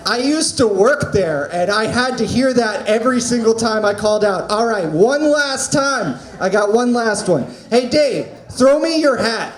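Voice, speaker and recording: A male comic working an open mic, setting up jokes deadpan before snapping into impressions. His voice sits high and moves unhurriedly with a lively rise and fall. The room around him is echoey. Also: unhurried, few pauses. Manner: deadpan setups, punchy impressions. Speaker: stand-up comedian. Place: small comedy venue.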